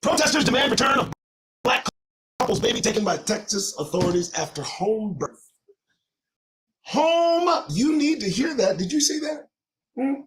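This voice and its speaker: A man's voice: very high voice, big pitch swings, moderate pace, long pauses, a bit bright, a little hiss or hum, poor audio. A male podcast host giving a heated, profane commentary monologue on news items, firing off rhetorical questions.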